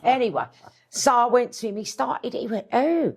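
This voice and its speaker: A woman's voice: on the high side, normal speed, creaky. A middle-aged woman with an East London accent, telling stories bluntly and chattily in a casual interview, swearing freely. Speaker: guest author.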